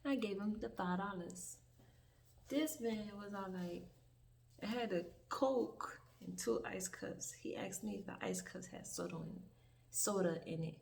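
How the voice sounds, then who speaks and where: Speaking a little slowly in a mid-range voice, a young woman tells a rambling, swear-filled story for her casual vlog, animated and prone to asides. Faint hiss and a distant mic mark the recording.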